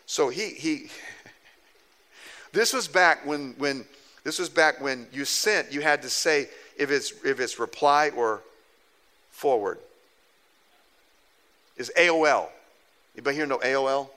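A middle-aged pastor preaches a sermon, telling a funny story in which he pokes fun at himself and acts out the people he quotes, all with animated flair. His voice is medium in pitch, and he speaks unhurriedly with long pauses.

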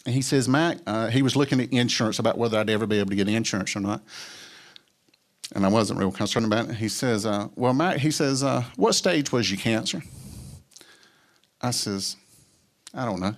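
A man's voice: mid-range voice, a little fast, long pauses. A middle-aged man telling a personal faith story in a folksy way, acting out the dialogue as he goes. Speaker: businessman sharing his testimony. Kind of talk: personal testimony talk.

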